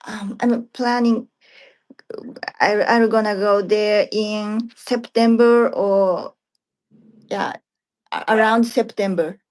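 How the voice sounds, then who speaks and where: A woman practicing English conversation, hesitant and halting, often asking for repeats and answering with short backchannels. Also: medium pitch, fairly even intonation, a little mellow. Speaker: English learner.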